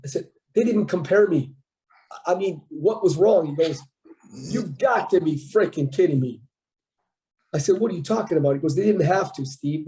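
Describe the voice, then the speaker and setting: A Canadian man in his fifties, a guest on a casual talk show, telling a story with lively quoted dialogue. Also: high voice, low-quality recording. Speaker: podcast guest, bodybuilder.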